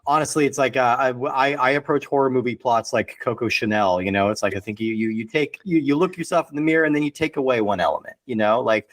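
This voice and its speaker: Podcast panelist, male, mid pitch, rambling conversational delivery, dry sound. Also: quick pace, hardly any pauses, no echo. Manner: rambling, heavy on fillers like "like" and "you know". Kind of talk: casual film discussion.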